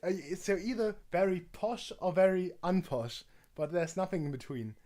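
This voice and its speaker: A man's voice: sits high, normal speed, warm tone. A man streaming in a casual chat, rambling and hesitant with frequent restarts and fillers.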